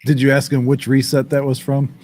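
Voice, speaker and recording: A man's voice: mid-range voice, completely flat delivery, a little fast, darkish tone. A man hosting a casual chat show, laid-back and joking, reading viewer comments. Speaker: podcast host.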